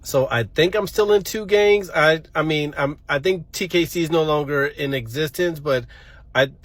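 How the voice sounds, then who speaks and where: A man's voice: fairly high pitch, normal speed, dry recording. A man doing stand-up comedy, telling a story from his childhood, stammering and repeating words and laughing at his own tale.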